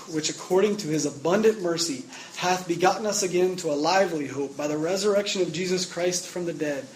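A man preaching a sermon, emphatic, getting louder on repeated words. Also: a little high, slight background noise, poor audio.

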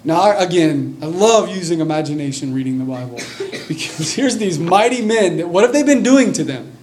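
High-voiced, animated male preacher. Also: brisk. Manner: animated storytelling, reads scripture aloud, acts out scenes with excitement. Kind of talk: sermon.

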